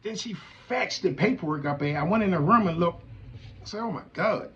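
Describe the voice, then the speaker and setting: A middle-aged man giving an animated, emphatic personal testimony to an audience in casual vernacular. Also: high voice, a little fast, dull audio. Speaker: veterans' advocate hosting a show.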